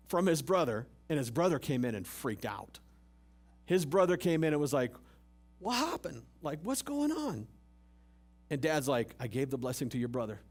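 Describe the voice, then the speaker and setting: A man preaching in a slightly high voice, swinging from punchy questions to dry asides. He talks like he is chatting with friends, tossing in jokes and everyday slang. He is delivering a church sermon to a live congregation. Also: darkish tone. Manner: conversational, humorous preaching with rhetorical questions. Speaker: pastor. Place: church service.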